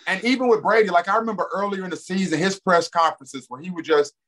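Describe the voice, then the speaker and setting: A man co-hosting a casual sports podcast, talking in an animated, emphatic way and repeating his catchphrases. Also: high voice, fast talker. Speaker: podcast co-host.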